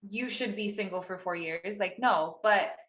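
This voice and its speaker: Thirties woman, podcast co-host, chatty and animated, crisp bright tone, echoey room. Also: mid-range voice, normal speed. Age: 30s. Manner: chatty, lots of "like" fillers, acts out quotes. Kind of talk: casual chat.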